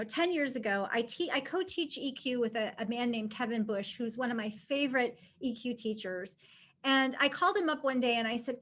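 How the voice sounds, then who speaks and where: Woman, high voice, leadership coach, live webinar, conversational, audience check-ins. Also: a bit bright. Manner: chatty and conversational, with frequent "right?" check-ins. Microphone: camera mic facing the presenter.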